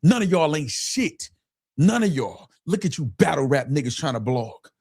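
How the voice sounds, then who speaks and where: A man's voice: fairly high pitch, big pitch swings, normal speed, darkish tone, slightly rough. A man ranting profanely on a livestream, mocking his listeners and repeating phrases over and over. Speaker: streamer with his own platform. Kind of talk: angry livestream rant.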